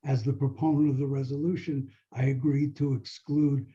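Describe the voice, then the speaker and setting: A man who proposed a resolution speaks slowly and haltingly at a meeting. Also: medium pitch, flat delivery, warm tone. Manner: slow, halting. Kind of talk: remarks at a meeting. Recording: dull lo-fi audio from off-mic.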